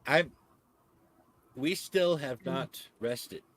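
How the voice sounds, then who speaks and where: A man playing a tabletop game, talking strategy in a halting way, repeating words as he thinks. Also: a little high, a bit bright. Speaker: player. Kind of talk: casual chat in a tabletop game.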